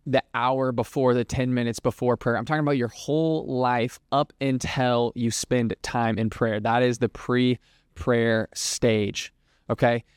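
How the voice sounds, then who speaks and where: A young man teaching in a loose, chatty way, full of "like"s and little acted-out quotes. His voice is smooth and resonant, recorded close and dry with no room sound. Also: medium pitch, no room sound. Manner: conversational, filler-heavy, lots of "like", acts out hypothetical quotes. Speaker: podcast host. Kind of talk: casual Christian teaching monologue.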